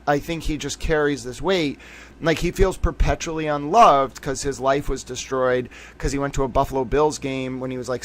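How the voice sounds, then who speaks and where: A fairly high-voiced man talking on a casual livestream about court cases. He rambles, swears freely and jumps into sudden excited bursts.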